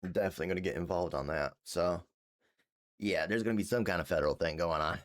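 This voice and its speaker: A man's voice: low voice, fast talker. A man streaming, casually commenting on a news clip with laid-back, stammering remarks.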